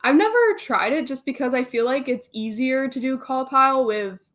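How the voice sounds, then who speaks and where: A woman's voice: high voice, moderate pace, a bit bright. Chatty woman answering her live chat. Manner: chatty, reads and answers viewer comments. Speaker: booktube host reading live chat. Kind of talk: casual live-stream chat.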